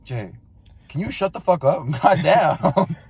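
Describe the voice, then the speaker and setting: A young man in his twenties co-hosts a loose podcast chat, with a husky, slightly high voice that swings up and down in lively bursts. He talks in an exasperated, profane way and keeps repeating the same lines. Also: takes it slowly, no room sound. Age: 20s. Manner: exasperated, swearing, repeats himself. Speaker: podcast co-host. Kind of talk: casual chat.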